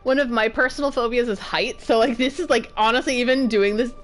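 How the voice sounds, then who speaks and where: A woman's voice: on the high side, brisk, soft background music. A woman streaming a game, chatting casually and rambling, with jumpy nervous exclamations. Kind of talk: casual gameplay commentary.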